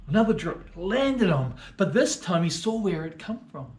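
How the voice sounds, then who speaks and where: A man reading a story to children, swinging between loud and hushed lines. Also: high-pitched, big pitch swings, normal speed. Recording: echoey room.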